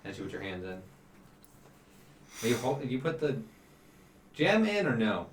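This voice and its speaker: A man narrating as game master in a relaxed, halting way. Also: mid-range voice, roomy sound. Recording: faint noise, distant mic.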